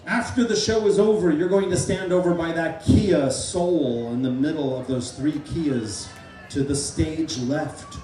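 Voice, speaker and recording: Middle-aged guy hypnotist on stage, kinda high voice, big boomy tent echo, mic sounds far off. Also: measured pace, a little hiss or hum. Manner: playful, giving loud repeated suggestions. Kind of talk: live comedy stage show. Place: large fair tent.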